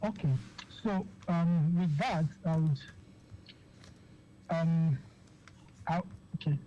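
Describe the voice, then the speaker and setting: A physician guest with a Nigerian English accent explains things haltingly on a radio interview, padding his points with okays and repeated words. The voice is dark and mellow. The recording sounds dull and lo-fi, with a faint hiss underneath. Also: mid-range voice. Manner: hesitant, repeats words, many fillers and okays.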